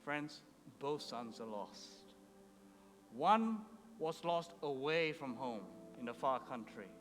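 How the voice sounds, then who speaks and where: A man's voice: mid-range voice, animated, takes it slowly, a bit bright, a little hiss or hum. A man preaching a sermon, telling a story with emphasis and acting out the quoted characters. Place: church hall. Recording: reverberant hall, faint ambience.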